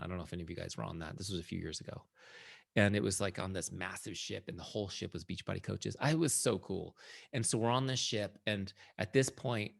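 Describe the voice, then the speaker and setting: Gravelly low-voiced man teaching webinar. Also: dry recording, clean studio sound. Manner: chatty and warm, telling stories, often asks "right?". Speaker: webinar host and software founder.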